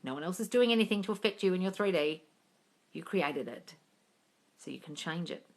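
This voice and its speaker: A woman's voice: fairly low pitch, animated, brisk. A woman coach answering viewer questions on a live stream, blunt and sweary, calling people darling.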